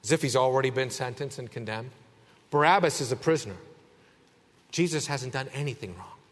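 A man preaching a sermon as pastor, emphatic, swinging between a raised voice and a hushed one. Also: medium pitch, expressive, brisk, in a large hall.

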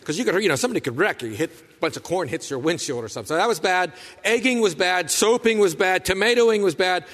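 Male pastor, slightly high pitch, folksy sermon delivery in a church with a long reverb tail. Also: animated, fast, hardly any pauses, a bit bright. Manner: folksy storytelling with asides. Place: church sanctuary.

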